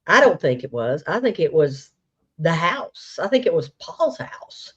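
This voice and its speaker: A woman's voice: deep voice, sing-song, unhurried, slightly rough. Speculating woman co-host, dull lo-fi sound. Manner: speculative, laughs often. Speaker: true crime livestream co-host. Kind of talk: casual chat.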